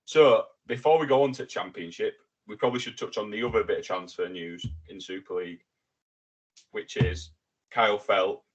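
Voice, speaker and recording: A man co-hosting a casual sports podcast, excitable and quick to swear when riled up. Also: fairly low pitch, highs cut off. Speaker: podcast co-host. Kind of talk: casual chat.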